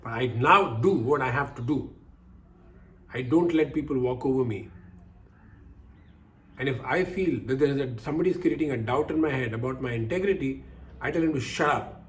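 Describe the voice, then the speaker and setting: A man's voice: medium pitch, normal speed, long pauses, a little hiss or hum. An older man telling personal stories as life lessons, acting out the voices he quotes and repeating phrases for emphasis. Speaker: speaker giving life lessons. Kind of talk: personal storytelling talk.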